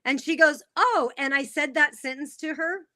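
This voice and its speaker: Woman podcast host, higher voice, lively laughing storyteller. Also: normal speed. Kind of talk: casual storytelling chat.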